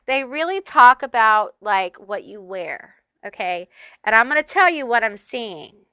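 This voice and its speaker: A chatty middle-aged woman gives a casual tarot reading to her viewers, bubbly and full of fillers. Her voice is bright and crisp, a little high for a woman. The sound is dry and close. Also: expressive, unhurried, no echo. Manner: chatty, bubbly, with lots of fillers like "like" and "you know". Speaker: tarot reader. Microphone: corded mic.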